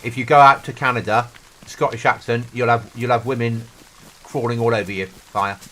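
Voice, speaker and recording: A man's voice: mid-range voice, steady tone, normal speed, sharp tone, poor audio. A middle-aged British man streaming a game, chatting earnestly and telling stories to a friend. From Britain. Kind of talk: casual chat while gaming.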